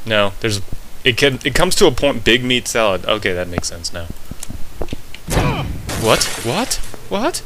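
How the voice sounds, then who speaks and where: A young man with a mid-range voice gives frustrated, goofy running commentary as he plays a video game. It's let's play commentary, and the recording is very noisy.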